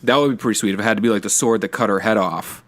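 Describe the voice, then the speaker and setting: A man's voice: lowish voice, very fast, fairly bright tone. A man co-hosting a podcast, chatting casually about a movie in a loose, rambling way, restarting words and swearing now and then. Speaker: podcast co-host. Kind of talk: casual movie review chat.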